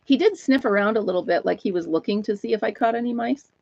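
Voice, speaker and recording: A woman's voice: medium pitch, lively intonation, fast, gravelly, a little mellow, dry recording. Chatty older woman, dull lo-fi sound. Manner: rambling, chatty, laughs often. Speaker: host of a live knitting chat stream. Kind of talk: casual live-stream chat. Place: at home.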